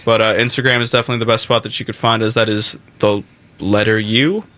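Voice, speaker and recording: A man with a lowish voice that still sounds bright and forceful. He is a band musician talking casually as an interview guest, chatty and quick with his asides. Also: flat delivery, no echo. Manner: chatty, quick asides, acts out quotes in a high voice.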